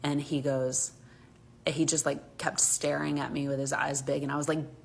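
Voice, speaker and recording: A woman's voice: low-pitched, level tone, moderate pace, gravelly, a little hiss or hum. A woman from Alabama, telling a story about her kids in a heated, emphatic way, with lots of "like". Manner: heated, emphatic, heavy use of "like". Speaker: mother. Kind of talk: casual storytime.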